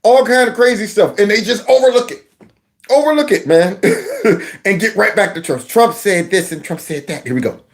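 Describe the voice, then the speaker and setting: A man's voice: sits high, wildly swooping pitch, normal speed. A man hosting his own commentary channel, mocking a clip with sarcasm and mimicry. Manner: sarcastic, mimics voices, breaks into song.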